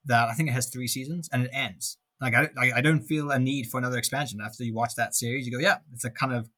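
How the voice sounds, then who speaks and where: A man's voice: mid-range voice, fairly even intonation, fast talker, bright, forceful tone. A man co-hosting a podcast in casual chat, thinking aloud with frequent restarts. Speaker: podcast co-host.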